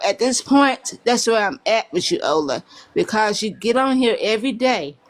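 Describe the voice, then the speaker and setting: A woman on a live panel, confrontational and stammering as she rebukes another speaker. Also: medium pitch. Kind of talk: heated live-stream debate.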